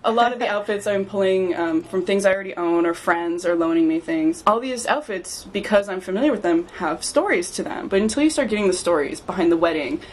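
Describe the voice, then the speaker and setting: A woman's voice: medium pitch, lively intonation, a little fast, hardly any pauses, slight background noise. A woman guest on a podcast, chatting casually and telling anecdotes with a laugh. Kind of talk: casual chat.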